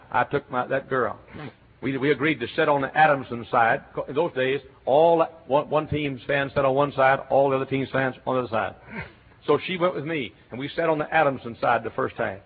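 A middle-aged man from Texas with a Texan accent, preaching a sermon as a pastor, telling stories and breaking into shouts. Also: medium pitch, husky. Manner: animated storytelling, bursts into shouts and chants. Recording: tinny phone-like recording.

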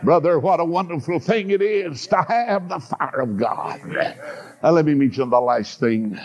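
An older man preaching a sermon, telling stories with fillers and breaking into high, shouted, drawn-out bursts. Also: lively intonation. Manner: storytelling with fillers and repeated "listen to me". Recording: dull lo-fi sermon recording.

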